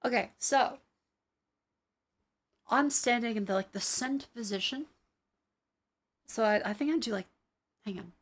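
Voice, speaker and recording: Rambling young woman streamer, slightly high voice. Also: a little slow, long pauses. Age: young adult. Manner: rambling, swears, many fillers. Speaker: streamer testing body-tracking gear. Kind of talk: casual live-stream chat.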